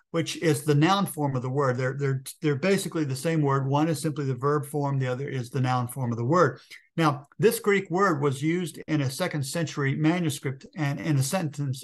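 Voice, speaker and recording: A middle-aged man preaching a sermon as a pastor. He talks earnestly, calls his listeners friends and often stops to restart a word. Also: on the high side.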